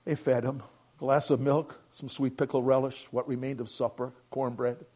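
A man's voice: medium pitch, flat delivery, normal speed, dark tone. An older man reading a family story aloud, earnest and plain, with small slips and a moved tone.

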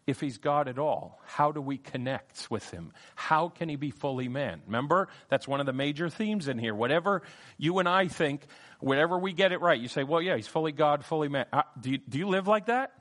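A man preaching a verse-by-verse Bible lesson with a somewhat high voice. He hammers on key phrases, repeating them and letting his voice leap and drop for emphasis. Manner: emphatic, repeats key phrases, wide swings in pitch and loudness. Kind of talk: Bible teaching sermon.

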